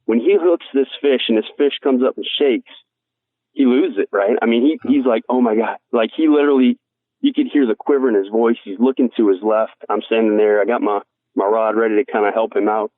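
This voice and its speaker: A man's voice: medium pitch, fairly quick, no room sound. A man being interviewed as a guest angler, telling stories in an earnest, heartfelt way, often saying "man". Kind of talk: casual storytelling interview. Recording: dry, tinny phone-like line.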